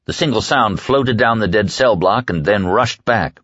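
A man narrating an audiobook in a measured, expressive way. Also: on the low side, slightly rough, no echo, muffled recording.

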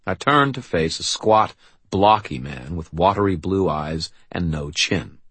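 Deep husky male audiobook narrator. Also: unhurried, no echo. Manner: dry, wry, deadpan. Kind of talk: first-person novel narration.

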